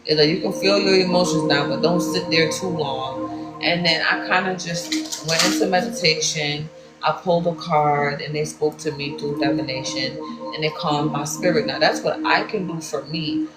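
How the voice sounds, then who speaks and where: A woman's voice: low voice, fairly even intonation, normal speed, roomy sound, over loud music, low-quality recording. A woman from New York with a New York accent gives a casual spiritual card reading. She speaks in loose slang, swears freely and calls her listeners "baby".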